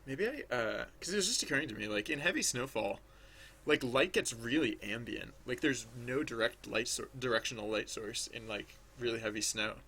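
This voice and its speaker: A man's voice: mid-range voice, moderate pace, pushed and bright, slight background noise. A man thinking aloud as he draws on a livestream, rambling and hesitant, full of restarts, chatting with viewers. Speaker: livestreaming digital artist.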